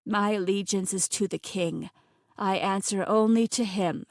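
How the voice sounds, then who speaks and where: A woman reading aloud, voicing a stern male royal guard with slow, clipped warnings. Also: mid-range voice, fairly even intonation, darkish tone, dry recording, studio quality, close to an everyday voice.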